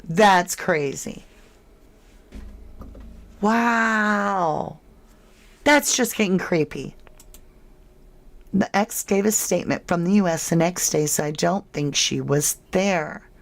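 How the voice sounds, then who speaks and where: A woman hosts a casual livestream, reading viewers' comments aloud and answering them in a friendly, chatty way. She talks slowly and unhurriedly, and her voice sits a little low. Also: expressive. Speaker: true crime livestream host.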